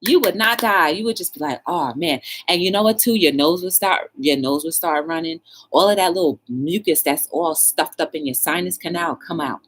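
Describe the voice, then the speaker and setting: A woman hosting her own talk show, chatting casually and coaching a viewer with playful, animated encouragement. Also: brisk, hardly any pauses. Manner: animated, playful, coaching with squealing high bursts and laughs.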